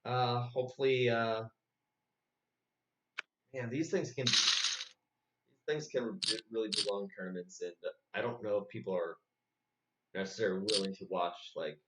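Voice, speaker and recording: A man's voice: fairly low pitch, steady tone, measured pace, long pauses. A man casually commentating a replay of his own poker tournament, rambling with lots of fillers and restarts. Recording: dull, slightly muffled recording with faint noise.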